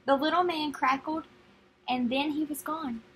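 A young woman reading a children's picture book aloud, friendly and expressive. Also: high-pitched, unhurried, poor audio. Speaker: read-aloud narrator.

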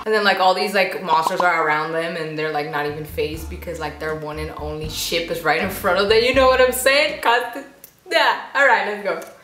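A young woman giving casual reaction commentary, chatty and quick to exclaim and gasp. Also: low voice. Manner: chatty, exclaims and gasps often. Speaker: YouTube reactor. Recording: echoey room with faint noise.

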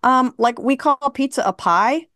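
A woman's voice: sits high, normal speed, a bit bright, dry recording. Chatty woman in a dry room. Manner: chatty storyteller, laughs often, many fillers. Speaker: interview guest, writer. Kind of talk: casual conversation.

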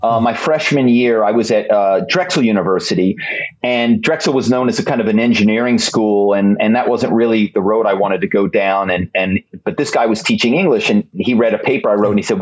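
A middle-aged man, an author guest, telling stories in an animated way, repeating phrases and building them up dramatically. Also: lowish voice, quick pace. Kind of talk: storytelling interview talk. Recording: slightly dull lo-fi sound.

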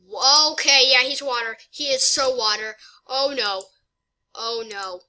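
High, bright-voiced excitable woman gamer. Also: measured pace, a little hiss or hum, low-quality recording. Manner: excitable and chatty, talking to herself. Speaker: gaming channel host. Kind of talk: let's play commentary.

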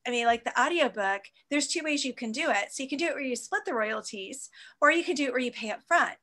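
A woman's voice: sits high, animated, fast, bright, forceful tone. A woman hosting a casual chat who agrees readily and reads out viewer questions. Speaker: host.

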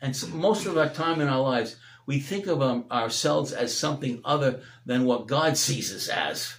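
A man preaching a sermon as pastor, swinging between loud emphatic peaks and hushed low passages. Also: lively intonation, moderate pace, roomy sound. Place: church sanctuary.

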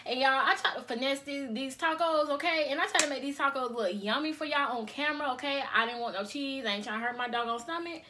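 A young woman talks straight to her viewers from her bedroom, chatty and easygoing, calling them y'all and tagging okay onto her sentences. Her voice sits high and sounds bright. She records on her cell phone. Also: fast, few pauses, slight background noise. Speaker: mukbang vlogger. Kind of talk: casual chat to viewers.

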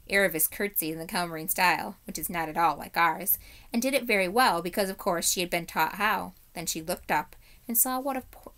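A woman teacher reading a chapter book aloud to young children, with clear, steady storytelling. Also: on the low side.

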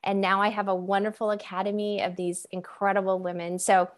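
A woman in her fifties hosting a podcast, telling stories in an animated way and laughing often. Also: medium pitch, brisk. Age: 50s. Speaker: podcast host. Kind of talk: conversational interview.

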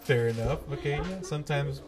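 A man teaching a class and hosting the show, asking questions in a relaxed, playful, teasing way. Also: on the high side, fairly quick, music in the background.

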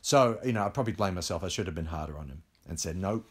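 Deep-voiced and animated, a film director talks fast with a breathy edge during a conversational interview. He tells candid stories, leaning on fillers often.

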